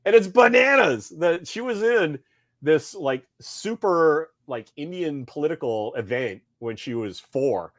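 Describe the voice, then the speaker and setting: A man's voice: a little high, expressive, a little slow, fairly bright tone, dry recording, clean studio sound. A man co-hosting a podcast, chatting casually and telling rambling stories, swearing and acting out quotes. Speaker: podcast co-host. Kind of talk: casual chat.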